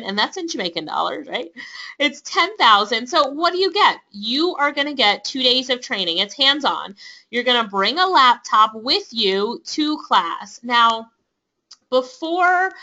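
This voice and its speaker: A woman hosting a live webinar and pitching an online class, upbeat and persuasive, laughing often. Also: pushed and bright. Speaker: webinar host and online business instructor. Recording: dull lo-fi webinar audio.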